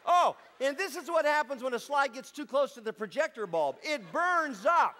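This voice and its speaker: A man doing stand-up comedy, telling stories on stage to a live audience in a playful, chatty way with deadpan asides. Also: extremely high pitch, moderate pace.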